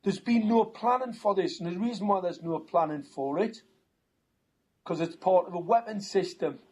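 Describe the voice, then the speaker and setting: A guest on a talk show, a man from North East England with a Geordie accent, speaks insistently in a high-pitched, husky voice with a darkish tone at a moderate pace. In this conversational chat he repeats words once he gets going.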